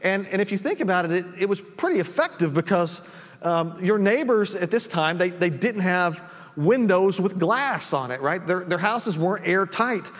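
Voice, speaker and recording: A man's voice: high-pitched, animated, normal speed, long reverb tail. A man preaching a sermon as pastor, conversational, with frequent restarts and "right?" tag questions, recorded in a church. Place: church sanctuary.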